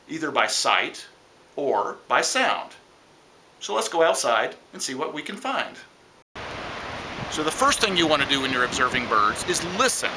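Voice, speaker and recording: Guy teaching a kids' science lesson, bouncy pitch, bright voice, explains step by step, mimics bird calls. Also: a little hiss or hum. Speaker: science educator for children.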